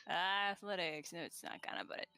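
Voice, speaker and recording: A woman's voice: lowish voice, moderate pace, pushed and bright, clear, resonant tone, no echo, faint music behind. A woman playing a tabletop role-playing game, teasing and giggling as she plays. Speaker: player. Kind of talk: casual tabletop role-play.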